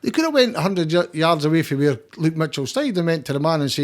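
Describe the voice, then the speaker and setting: Scottish man, podcast guest, fairly high voice, rambling casual storytelling, repeats words, swears. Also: very animated, fast.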